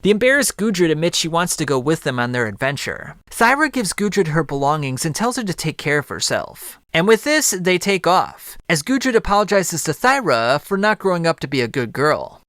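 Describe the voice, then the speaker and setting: Lively man narrating a manga recap. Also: a little high, moderate pace, hardly any pauses, no room sound, clean studio sound. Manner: lively storytelling with joking asides. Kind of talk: casual scripted recap narration.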